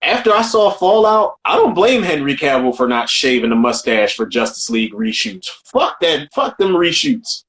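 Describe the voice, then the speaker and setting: Male podcast co-host, slightly high voice, animated and profane, repeats himself, casual movie talk. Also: normal speed, few pauses. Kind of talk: casual film chat.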